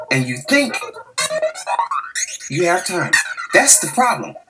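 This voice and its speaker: Man, podcast rant, angry, profane, repetitive, swooping pitch, music behind. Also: big pitch swings, slow, pauses often, low-quality recording. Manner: heated, profane, repetitive ranting.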